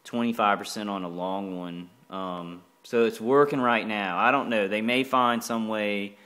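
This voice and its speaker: Rambling low-voiced man. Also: fairly even intonation, measured pace, fairly bright tone. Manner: rambling, repetitive, full of fillers and restarts. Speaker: vlogger. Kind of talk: rambling casual monologue.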